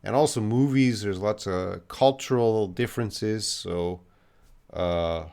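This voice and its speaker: A man from Canada with a Canadian accent, a patient English teacher answering viewers' questions on a live stream, explaining slowly with fillers and examples. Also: fairly low pitch, vocal fry, a little mellow, clean tone.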